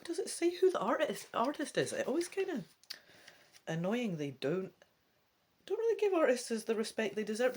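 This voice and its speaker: A woman's voice: medium pitch, breathy edge. A Scottish woman reading a gamebook aloud, breaking off into cheeky, chatty asides to her viewers. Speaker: let's play reader.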